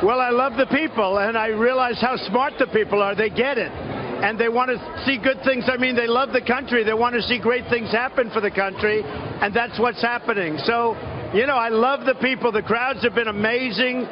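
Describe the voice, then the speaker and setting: A man's voice: extremely high pitch, fairly even intonation, normal speed. An older man, a candidate, interviewed live from an outdoor event. He talks in repetitive, boastful superlatives. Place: outdoor event at a private estate. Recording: dull lo-fi broadcast audio with loud crowd and street noise. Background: crowd and outdoor noise.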